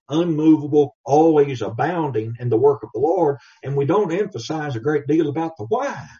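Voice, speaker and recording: Man preaching, emphatic sermon, dark mellow tone, far from mic, dull lo-fi sound. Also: mid-range voice. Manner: emphatic, reads scripture slowly in old English. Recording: distant, dull lo-fi recording.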